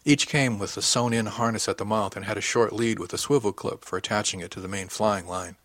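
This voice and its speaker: A man reading a novel aloud in the first person as an audiobook narrator, with even, unhurried storytelling. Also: lowish voice, no room sound.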